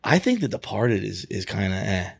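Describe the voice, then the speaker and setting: A man's voice: fairly low pitch, big pitch swings, normal speed, vocal fry, breathy edge, no echo, clean studio sound. A man from Boston co-hosting a podcast in casual chat, laid-back, hedging his opinions and swearing freely. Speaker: podcast co-host.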